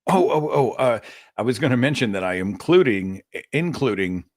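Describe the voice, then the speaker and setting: A man's voice: medium pitch, lively intonation, normal speed, a little mellow, dry recording, studio quality. A man with an Oklahoma accent hosting a live call-in show, talking in a chatty, wry way full of rambling asides. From Oklahoma, USA.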